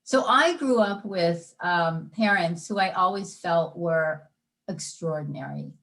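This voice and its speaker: A middle-aged woman, a life coach guest on a podcast, telling personal stories in a lively conversational way and acting out her inner voices. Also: fairly low pitch, slow, gravelly. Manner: animated storyteller, acts out inner voices. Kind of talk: conversational interview.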